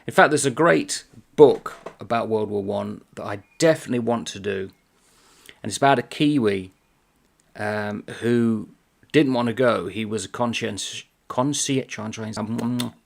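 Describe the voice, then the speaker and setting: Creaky-voiced man reviewing a book. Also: lowish voice, moderate pace. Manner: conversational, reads passages aloud. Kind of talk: casual book-review chat.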